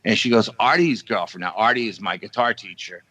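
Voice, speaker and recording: Bright-voiced man telling a story. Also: on the low side, brisk, dry recording, poor audio. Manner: animated storytelling with acted-out quotes. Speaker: paranormal investigator guest.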